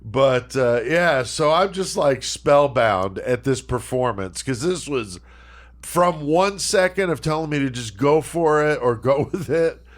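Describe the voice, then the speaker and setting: A man's voice: medium pitch, expressive, a little slow. A man on a podcast telling a long, profane, laughing anecdote and acting out the quotes. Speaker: podcast co-host. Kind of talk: casual storytelling.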